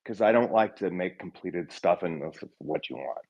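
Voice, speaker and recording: A man's voice: low voice, animated, moderate pace, darkish tone. A man speaking up in a casual work meeting on a video call, hesitant with many ums. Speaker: team member. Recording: dull lo-fi call audio.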